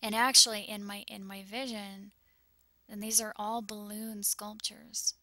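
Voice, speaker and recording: A woman talks anxiously over a map, shaken and near tears, her words stumbling and often sinking to a whisper. Her voice is bright with a gravelly edge. The sound is dry and close. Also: mid-range voice, level tone, unhurried, dry recording. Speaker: YouTuber sharing visions.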